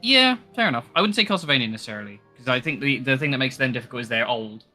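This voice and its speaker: A man chatting casually with friends while playing a game, talking in quick bursts with lots of fillers and restarts. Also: mid-range voice, expressive, bright, forceful tone, faint music behind. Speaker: gamer. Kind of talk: casual chat while gaming.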